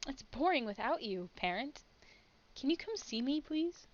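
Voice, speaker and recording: A woman reading the lines of a clingy male creature aloud in a soft, coaxing tone, on dull lo-fi stream audio. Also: sits high, very animated, moderate pace.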